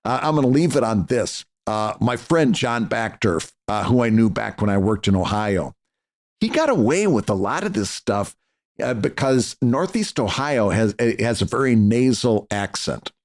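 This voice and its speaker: Man, middle-aged, podcast co-host, gravelly, mid pitch, earnest casual advice. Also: animated, moderate pace. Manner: earnest, advice-giving with frequent fillers and restarts.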